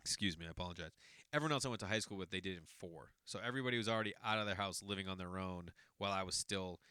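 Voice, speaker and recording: Rapid-fire and low-voiced, a man in his forties from the Boston area hosts a podcast, telling a long, rambling personal story in a casual monologue full of self-corrections. His delivery sounds pushed, bright and smooth. The studio-quality recording is dry.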